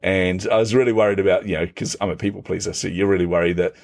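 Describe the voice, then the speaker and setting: A man's voice: low voice, fast, vocal fry. A middle-aged man, a podcast guest, telling stories conversationally, laughing often and acting out what others said. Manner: animated, laughs often, acts out quotes. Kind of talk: conversational storytelling.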